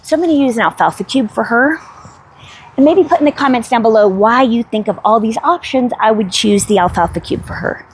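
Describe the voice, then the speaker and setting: A woman's voice: fairly high pitch, fairly quick, a little hiss or hum. A woman who is a veterinarian and animal trainer, talking casually and emphatically to camera at a horse ranch.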